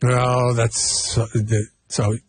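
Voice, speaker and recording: A man's voice: medium pitch, flat delivery, drawn-out words, husky, no room sound. A man co-hosting a casual chat, rambling and correcting himself as he tells stories. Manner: rambling, self-correcting storyteller. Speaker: podcast co-host.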